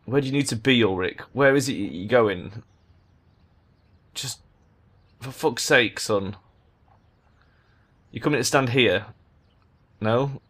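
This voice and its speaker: A man giving game commentary as a gaming video maker, exasperated and swearing a lot, breaking into loud rants. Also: mid-range voice, slow, long pauses. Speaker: gaming YouTuber.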